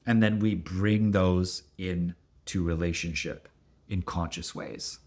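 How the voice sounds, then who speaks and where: A middle-aged man explaining relationship conflict as a coach, lively and expressive, often acting out what partners say. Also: takes it slowly. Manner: animated, acts out quoted voices with big pitch jumps. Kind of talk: teaching talk to camera.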